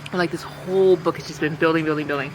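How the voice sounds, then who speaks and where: A woman's voice: deep voice, steady tone, quick pace, slight background noise. A young woman vlogging about books in a casual, chatty way, full of fillers. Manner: chatty, filler-heavy, reads dialogue aloud. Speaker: book vlogger.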